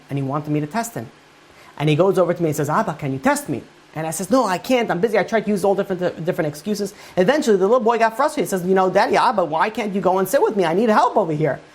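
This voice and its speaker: A male rabbi delivering a Torah class in a storytelling manner. He recounts a long tale and quotes its characters as he goes, with loose, conversational phrasing and many "he goes and he says" turns. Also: sits high. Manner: retells a story at length with many quoted lines. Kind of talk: storytelling lecture.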